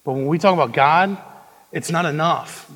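A young man preaching a sermon, moving between hushed intensity and loud, emphatic delivery. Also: on the high side, normal speed. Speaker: pastor. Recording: long reverb of a large hall.

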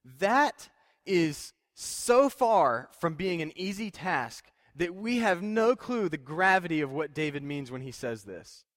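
A man's voice: a little high, fairly bright tone, dry recording, clean studio sound. A young man preaching a conversational sermon, plain-spoken and self-deprecating, with frequent fillers and restarts. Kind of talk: casual sermon.

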